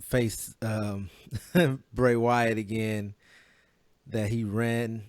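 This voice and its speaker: A man's voice: lowish voice, flat delivery, very slow, smooth. A man hosting a casual wrestling podcast, joking and laughing often as he leads the rundown. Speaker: podcast host.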